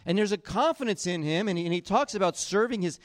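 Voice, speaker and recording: A man preaching a sermon, retelling a Bible story in a casual, animated way with acted-out quotes. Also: high-pitched, fast, no room sound, clean studio sound. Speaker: pastor.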